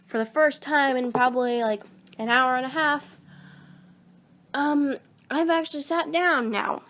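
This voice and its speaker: Rambling teen girl, higher voice. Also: unhurried, fairly bright tone, a little hiss or hum. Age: teens. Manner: rambling, meandering, self-deprecating. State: sick. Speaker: voice actor vlogger. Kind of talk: casual rambling vlog. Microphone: phone.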